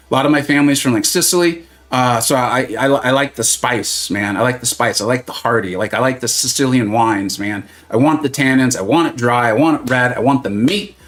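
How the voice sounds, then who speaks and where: A middle-aged man from Southern California, chatting casually and rambling on a gaming livestream with plenty of fillers. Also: mid-range voice. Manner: rambling, animated storytelling with many fillers and restarts.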